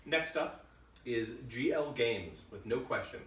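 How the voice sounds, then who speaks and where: A man's voice: mid-range voice, lively intonation, measured pace. A man reading backer questions aloud in a casual, dry, matter-of-fact way. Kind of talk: casual chat. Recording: echoey room from far off, faint noise.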